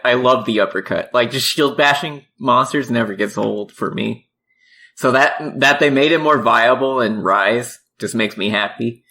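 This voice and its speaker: Bright, easygoing male co-host. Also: medium pitch. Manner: easygoing, chatty, enthusiastic about games. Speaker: podcast co-host. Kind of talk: casual podcast chat.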